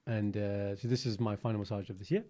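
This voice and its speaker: A man's voice: fairly low pitch, quick pace. Chatty man in his thirties. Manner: chatty, animated storytelling with fillers. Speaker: podcast co-host. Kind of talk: casual chat.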